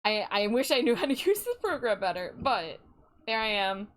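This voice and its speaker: This is a young woman with a Midwestern accent and a slightly high voice, talking to her live chat while she streams. She is chatty and playful, and she giggles often between her thoughts. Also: big pitch swings, normal speed, fairly bright tone. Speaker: livestreamer.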